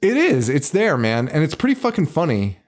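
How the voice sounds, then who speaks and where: A man's voice: on the high side, a little fast. A man hosting a podcast, chatting casually about a movie, swearing freely and laughing often. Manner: profane, excitable, laughs often. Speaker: podcast host.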